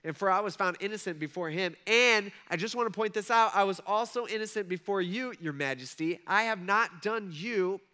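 Guy pastor preaching, chatty asides, high bright voice. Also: moderate pace, few pauses, smooth. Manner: conversational, frequent asides and check-ins with the audience. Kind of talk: sermon.

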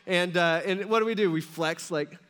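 A man's voice: high voice, moderate pace, a bit bright, clear, resonant tone. A man preaching a sermon as a pastor, telling a story in a casual, joking way with many asides.

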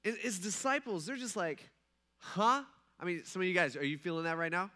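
A young man preaching a casual, conversational sermon as pastor, animated and laughing often as he acts out quoted dialogue. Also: sits high, fast talker.

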